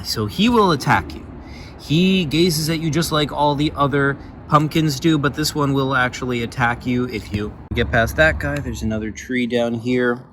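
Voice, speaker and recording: A man's voice: mid-range voice, a bit bright, slight background noise. A man casually walking through his paper game, rambling and filling his talk with "like" and "um". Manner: rambling, full of "like" and "um". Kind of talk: casual walkthrough. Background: background music.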